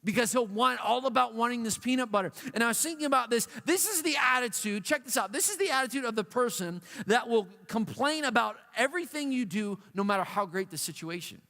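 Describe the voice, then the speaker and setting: A high-voiced man preaches to a room of young people, playful and animated as he acts out whining voices. His words ring out with a long hall reverb. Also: a little fast, creaky, hardly any pauses. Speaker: youth pastor. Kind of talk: youth sermon.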